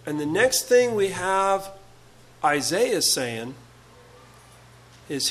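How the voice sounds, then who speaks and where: A man preaching a sermon, earnest and halting, often repeating words as he builds a point. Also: high-pitched, sing-song, low-quality recording.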